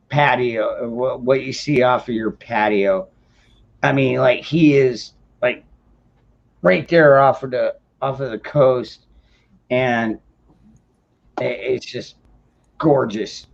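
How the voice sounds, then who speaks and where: The host of this casual livestream has a gravelly, mid-range voice. He swears without restraint and keeps restarting as he rambles, captured in dull lo-fi stream audio.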